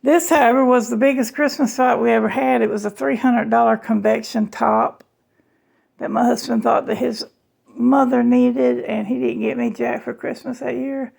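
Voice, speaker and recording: A woman's voice: a little high, steady tone, moderate pace, gravelly, a little mellow. A woman chatting casually to her viewers in a home cooking vlog, folksy and half awake. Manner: chatty, folksy, talks to viewers as y'all and honey. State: just woke up, half awake. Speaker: home cook vlogger.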